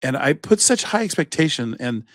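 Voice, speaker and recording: A man's voice: mid-range voice, big pitch swings, normal speed, no echo. A man co-hosting a podcast in a studio, telling a rambling story in casual chat, with plenty of swearing. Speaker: podcast co-host.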